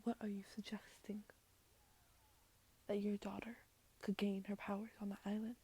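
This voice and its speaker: A woman voicing a determined woman bargaining with a queen, in a hushed whispered role-play. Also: mid-range voice, little pitch movement, moderate pace, breathy edge, poor audio. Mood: coaxing. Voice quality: hushed, coaxing.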